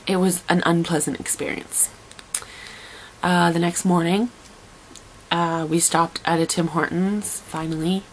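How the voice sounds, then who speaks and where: A young woman vlogging a personal story in a lowish voice. She tells it in a chatty, dramatic way with wry asides. A faint hum sits behind her. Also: rough recording. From Toronto, Canada. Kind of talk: casual storytelling monologue.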